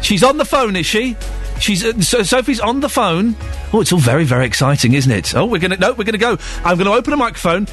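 Here the host talks fast in a high voice, faint music playing under his studio microphone. He jokes around animatedly on his phone-in show, a casual radio chat punctuated by listener emails read aloud.

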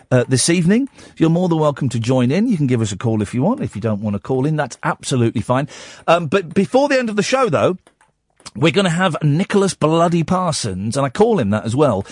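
A man's voice: on the high side, dry recording, clean studio sound. A man in his forties from Yorkshire with a Yorkshire accent, hosting a radio show with sardonic, self-mocking chat about the news. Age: 40s. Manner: sardonic, self-mocking, reads news items then riffs on them. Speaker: radio host. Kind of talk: casual radio monologue.

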